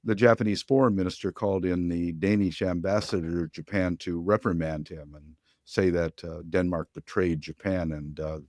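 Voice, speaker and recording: Older guy, really low voice, firm and emphatic, dry close sound. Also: fairly even intonation, moderate pace, a little mellow, no room sound. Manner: firm, plain-spoken, emphatic. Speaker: guest, ocean activist. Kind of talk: interview answers.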